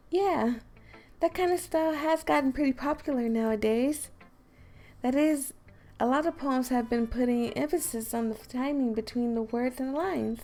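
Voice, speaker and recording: Bubbly teen club president played by a woman, raised and gravelly in pitch, over faint game music. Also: darkish tone. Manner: sweet, encouraging, bubbly. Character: cheerful confident teen girl club president.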